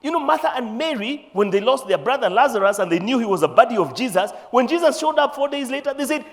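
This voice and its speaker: High, lively Kenyan preacher man. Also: fast talker, few pauses. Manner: animated preaching, dropping to quiet earnest passages. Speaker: pastor. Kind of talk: sermon. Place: church. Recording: reverberant church hall.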